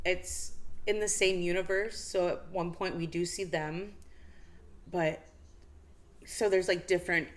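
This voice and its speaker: A woman co-hosting a casual live-stream chat, telling a story with lots of fillers and acted-out bits. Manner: animated storytelling, acts out scenes with high squeals and laughs; many fillers and restarts. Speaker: podcast co-host.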